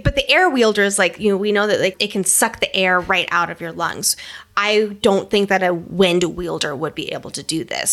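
A woman's voice: mid-range voice, bright, forceful tone. A woman co-hosting a podcast, talking through a book in a casual, thoughtful and analytical way. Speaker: podcast co-host.

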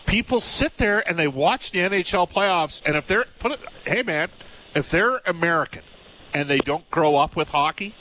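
A man co-hosting sports radio, rambling in an animated way about hockey and slipping into mock voices. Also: fairly high pitch, normal speed, a little hiss or hum, low-quality recording. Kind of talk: heated hockey talk.

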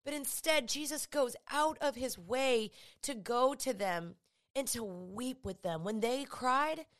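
A woman's voice: fairly high pitch, slow pace. A woman hosting a podcast, talking earnestly and conversationally about faith, often repeating phrases for emphasis. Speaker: podcast host. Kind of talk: casual faith talk.

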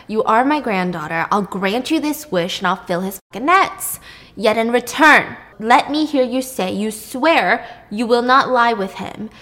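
A weary, stern old sea goddess grandmother lectures slowly and dismissively, voiced by a woman storyteller. She sounds unimpressed and a little impatient. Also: fairly high pitch, lively intonation, fairly bright tone.

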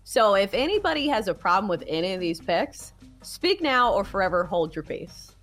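A woman with a Southern US accent talks through sports picks in a chatty, casual way. Her pitch rises and falls a lot, and she pokes fun at herself. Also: normal speed, faint music behind. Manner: chatty, animated, self-deprecating. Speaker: sports show co-host.

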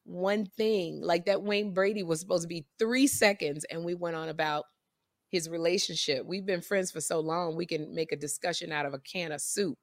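A woman co-hosting a casual podcast chat, talkative and animated, often repeating and restarting her sentences. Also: on the low side, moderate pace, no echo, studio quality. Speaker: podcast co-host.

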